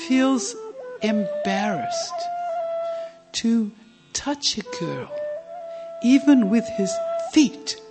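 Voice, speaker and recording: A woman's voice: a little high, expressive, very slow, pauses often, full character voice. A woman voicing a proud, teasing young male cowherd god in mock-courtly speech, with flute music behind.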